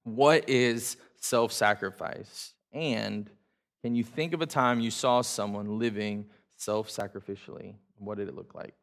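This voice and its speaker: A man's voice: fairly low pitch, unhurried, vocal fry, a bit bright. A man leading a church gathering, talking casually to the congregation with self-deprecating jokes, many fillers and restarts. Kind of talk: casual joking talk to a congregation. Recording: reverberant hall sound.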